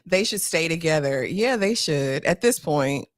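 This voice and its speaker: A woman hosting a casual, slangy recap chat, telling the story with animated asides. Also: low-pitched, unhurried, dry recording, clean studio sound. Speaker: host.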